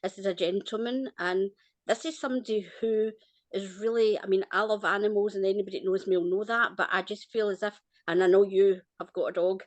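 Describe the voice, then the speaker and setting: A Scottish woman gives a psychic reading over a call in a gentle, reassuring way, smiling often as she talks. Her voice sits in a middling register and is recorded close and dry, with no room around it. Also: medium pitch, steady tone, a little fast, no echo. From Scotland. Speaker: psychic reader.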